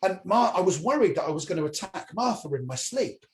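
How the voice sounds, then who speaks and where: A man, a stand-up comedian, telling a long personal story in an animated way, acting out the voices of the people in it and swearing freely. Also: sits high, fairly quick. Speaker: comedian guest. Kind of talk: anecdotal storytelling. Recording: echoey room with faint noise.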